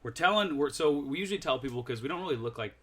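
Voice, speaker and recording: A man's voice: fairly high pitch, animated, racing, a bit bright. A young man, a podcast guest, in a casual chat telling a rambling story that he keeps correcting and laughing through.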